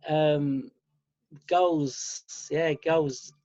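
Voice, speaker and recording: A man on a group video call, talking haltingly and hesitantly. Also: fairly high pitch, fairly even intonation, a little mellow, no echo. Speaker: team member on a group call. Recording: dull, dry call audio.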